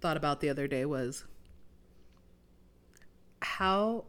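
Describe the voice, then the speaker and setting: A woman's voice: low-pitched, lively intonation, slow pace, fairly bright tone, clear, resonant tone. Candid, laughing woman podcast host. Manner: candid, swears freely, laughs often. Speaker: podcast host and business owner. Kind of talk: casual chat.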